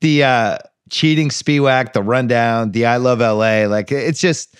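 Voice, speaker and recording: An American man talks casually on a podcast, laughing often as he runs through his favorite gags. His voice is medium in pitch and sounds dry and close to the microphone. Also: unhurried, smooth, dry recording. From United States. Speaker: podcast host. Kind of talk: casual movie chat.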